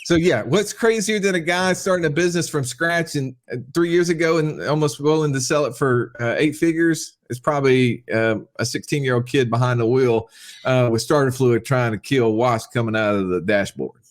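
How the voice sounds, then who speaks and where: A man telling a wild story as a podcast guest, excitable and quick to laugh, quoting people as he goes. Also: mid-range voice. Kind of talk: animated storytelling.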